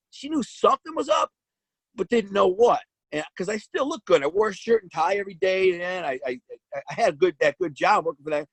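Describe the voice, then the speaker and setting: A man's voice: high-pitched, fairly bright tone, slightly rough, dry recording, poor audio. A man casually telling his own story in blunt street slang, with frequent restarts.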